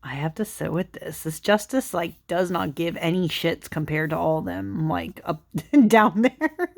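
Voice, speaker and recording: Late at night, a young tarot channel host giggles and yawns her way through a casual, chatty card flipthrough full of fillers and rambling. Her voice is on the low side, gravelly and animated, with a slightly slow pace.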